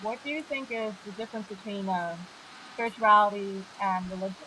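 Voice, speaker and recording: A woman's voice: medium pitch, brisk, bright, forceful tone, rough recording. Woman interviewer asking questions kinda hesitantly, faint hiss behind. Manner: tentative, searching questions.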